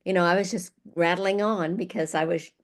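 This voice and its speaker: A woman's voice: on the low side, a little fast. Older woman guest telling stories. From Arizona, USA. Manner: lively, laughs often. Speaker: guest speaker. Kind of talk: storytelling.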